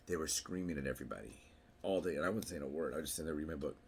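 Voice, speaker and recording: A man's voice: rumbling low, very fast, gravelly, slight background noise. A middle-aged man talking casually to camera, telling rambling anecdotes and acting out what people said in a raised voice. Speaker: vlogger.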